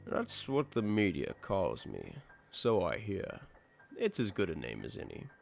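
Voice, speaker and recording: A man voicing a cold, gleeful masked male serial killer who speaks slowly and flatly and turns menacing. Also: low-pitched, vocal fry, soft background music, heavily acted. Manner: slow, flat and menacing, rising into glee.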